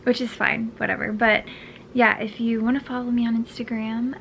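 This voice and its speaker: A woman's voice: a little high, level tone, moderate pace, vocal fry, a bit bright, a little hiss or hum. A tired woman chatting to camera as a book vlogger, rambling with lots of fillers and the odd whispered aside. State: tired, yawning. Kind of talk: casual chat to camera.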